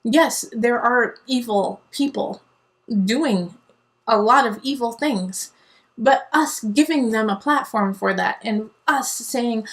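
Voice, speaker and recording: An adult woman who is a parent does a casual tarot reading in a fairly high, unhurried voice. She talks earnestly and wanders off on tangents, blending encouragement with tough love.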